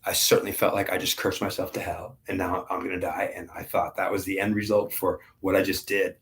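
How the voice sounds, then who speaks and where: A man's voice: deep voice, level tone, brisk, a bit bright. A man in his forties giving an emotional, intense spiritual testimony, blunt and swearing, often restarting his sentences. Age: 40s. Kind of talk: personal spiritual testimony monologue.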